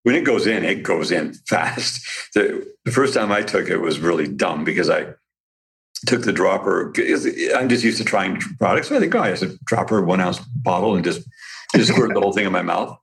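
A man with a very deep, gravelly voice speaks as an interview guest. He tells stories with eager enthusiasm, often restarting mid-sentence and laughing lightly. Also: expressive, normal speed, fairly bright tone. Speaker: guest, company founder. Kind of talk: casual interview talk.

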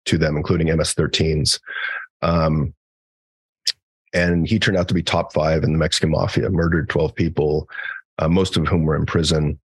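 A man's voice: rumbling low, breathy edge, dry recording. A man, a psychologist guest on a podcast, telling stories in a casual conversational way, acting out quoted dialogue and swearing now and then. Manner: frequent fillers and restarts, casual swearing.

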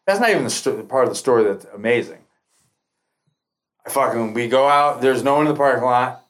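A man's voice: medium pitch, a little fast. A man, a podcast guest telling a long story casually, with lots of swearing and acted-out quotes. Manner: profane, animated, acts out quoted lines.

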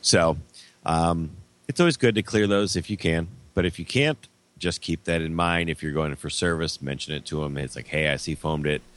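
Low-voiced man explaining car fixes. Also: normal speed. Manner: relaxed, explains step by step. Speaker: car repair expert guest. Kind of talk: casual chat.

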